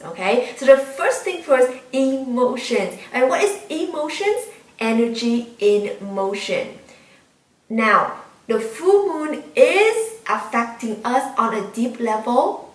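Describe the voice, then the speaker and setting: A woman with a high voice gives earnest spiritual guidance to her viewers, leaning on key words and repeating them. She sounds a little distant from the mic, in a roomy, echoing space. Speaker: tarot reader and spiritual channel host. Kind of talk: spiritual guidance talk to camera.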